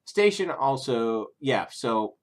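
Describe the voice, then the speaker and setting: A man's voice: medium pitch, big pitch swings, slow. A middle-aged man from the Cincinnati area giving a rambling, profane casual review on his vlog, full of ums and self-corrections. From Cincinnati area, USA. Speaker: YouTuber reviewing streaming services.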